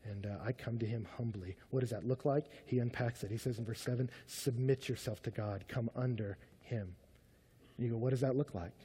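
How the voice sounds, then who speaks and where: A man's voice: mid-range voice, fairly even intonation, a little fast, breathy edge. Man preaching in a reverberant hall. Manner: conversational, swings from loud to hushed. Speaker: pastor. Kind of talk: sermon.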